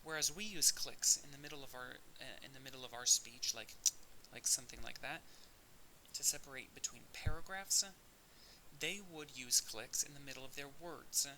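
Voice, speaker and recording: A man's voice: medium pitch, normal speed, pushed and bright, rough recording. A man recording an audio lecture, explaining step by step with occasional restarts. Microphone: audio-only recording. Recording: faint hiss.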